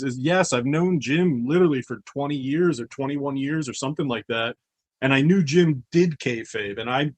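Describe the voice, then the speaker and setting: A middle-aged man, a comics publisher, chatting casually as an interview guest, telling a long story with many restarts and asides. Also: mid-range voice.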